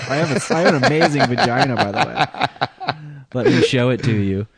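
A man's voice: mid-range voice, expressive, moderate pace, husky, dry recording. A man co-hosting a raunchy comedy podcast, teasing and laughing through crude jokes. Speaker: podcast co-host.

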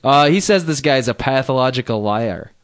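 A man's voice: mid-range voice, animated, moderate pace, dry recording, clean studio sound. A man co-hosting a podcast in casual chat, reading news stories aloud with joking asides. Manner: rambling, jokey, reads news aloud with asides.

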